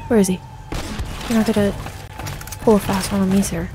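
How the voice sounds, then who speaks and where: A woman streamer giving casual commentary on her game, excitable and jumpy, often joking at herself. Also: medium pitch, fairly quick, over music. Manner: excitable, jumpy and self-mocking while playing. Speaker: gaming streamer. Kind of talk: casual let's play commentary.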